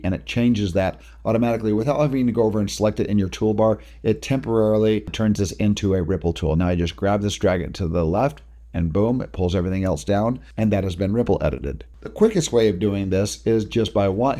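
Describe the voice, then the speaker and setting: A man talking through video editing steps in a casual software tutorial, explaining each click as he goes. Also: lowish voice. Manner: casual, talks through each step while working. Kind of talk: screen-recorded software tutorial.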